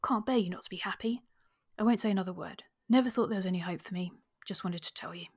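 Woman reading as a shy young gentleman, slangy and earnest, soft husky hushed voice. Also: fairly low pitch, quick pace. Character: young gentleman suitor, plain-spoken, slangy.

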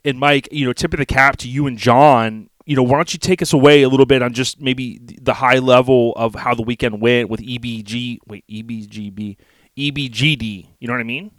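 A man's voice: mid-range voice, steady tone, fairly quick, dry recording. A man co-hosting a casual podcast, talking in a laid-back, rambling, folksy way. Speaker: podcast co-host.

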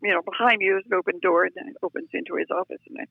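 An older woman telling lively, self-deprecating stories as a guest, heard over a phone line. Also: fairly low pitch, racing, vocal fry, husky, dry recording. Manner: chatty, self-deprecating, animated. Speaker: guest storyteller. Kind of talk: anecdotal storytelling.

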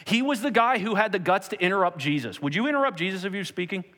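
A man preaching a sermon in an animated way, jumping into sudden high-pitched bursts when he acts out quotes. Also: quick pace. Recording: long hall reverb.

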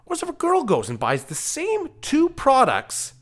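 A man's voice: very high voice, wildly swooping pitch, moderate pace, hardly any pauses, a bit bright. A man from Canada hosting his own comedy podcast alone, rambling through jokey digressions and interrupting himself. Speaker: podcast host and producer.

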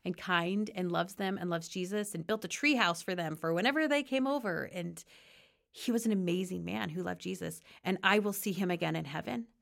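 A woman guest on a faith talk show shares her personal testimony earnestly and conversationally, laughing often and acting out quoted dialogue. Her voice is on the low side, creaky, and brisk.

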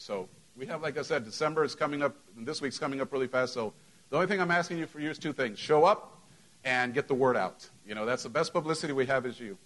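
A man's voice: mid-range voice, a bit bright, rough recording. Middle-aged pastor guy chatting through church announcements, loose and folksy, lots of you-knows. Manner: conversational, full of "you know" fillers. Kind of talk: church announcements and sermon opening. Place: church sanctuary.

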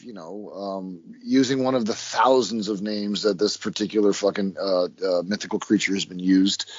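Animated, foul-mouthed man riffing. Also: mid-range voice, husky, dry recording, lo-fi sound. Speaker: film podcast co-host. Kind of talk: casual profane comedic banter.

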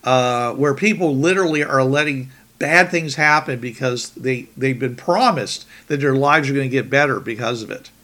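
Male podcast host, mid-pitched, easygoing rambling delivery. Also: normal speed, hardly any pauses, bright, forceful tone. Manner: rambling, many restarts and "you know"s. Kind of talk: casual podcast chat.

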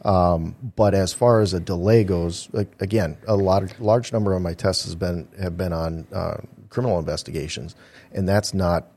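Very deep-voiced careful male guest. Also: steady tone, darkish tone. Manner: measured and careful, heavy with ums and uhs. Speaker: polygraph examiner, guest. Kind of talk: casual interview answers.

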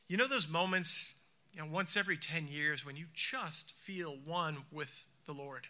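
Man giving a quiet reflective sermon, voice kinda high and really bright, slows down to let things land. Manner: reflective, slows down and softens for emphasis. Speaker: speaker.

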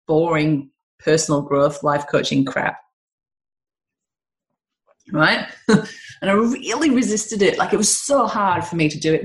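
A woman's voice: sits low, poor audio. A woman business owner talking chattily from her home kitchen, full of asides and laughs. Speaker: business owner and health coach. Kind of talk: casual chat to camera.

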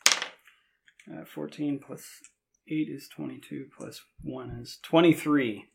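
A relaxed man guiding players through a tabletop game, talking in loose, halting bursts as he checks the numbers. He describes the scene casually rather than performing it. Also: fairly high pitch, gravelly, background noise. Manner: easygoing, halting with fillers while he works out the rules. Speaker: game master.

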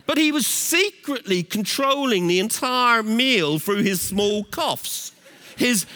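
A middle-aged English man preaching a sermon, telling a funny family story in a playful, animated way. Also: sits high, takes it slowly. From England. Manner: animated, playful, laughs at his own stories. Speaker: pastor.

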